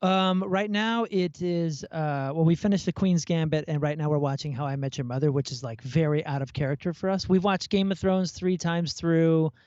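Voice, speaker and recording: A man from the United States, a podcast guest, telling stories in an animated, casual way. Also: on the high side, moderate pace, few pauses, no room sound. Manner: animated storyteller, acts out quoted voices. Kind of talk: casual chat. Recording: dull, dry lo-fi sound.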